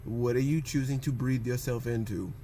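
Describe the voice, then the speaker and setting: A man's voice: medium pitch, steady tone, moderate pace, mellow, slight background noise. A man talking casually and rambling about meditation and posture, often asking "you know what I'm saying" and acting out what others say. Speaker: vlogger.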